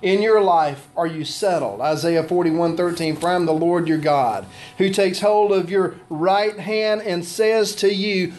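A man preaching a sermon as pastor, with animated shifts in pitch and pace. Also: measured pace, few pauses.

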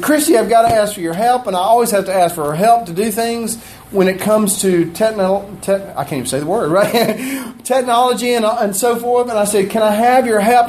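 High-voiced pastor preaching casually. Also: male voice, darkish tone, a little hiss or hum. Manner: conversational, self-deprecating, asks the congregation questions. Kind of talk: sermon. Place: church sanctuary.

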